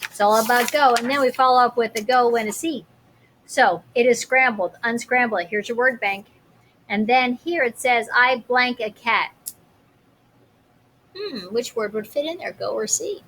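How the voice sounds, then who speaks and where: A woman teacher reading a children's picture book aloud, expressive, with chatty asides to young listeners. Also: a little high, moderate pace, slight background noise.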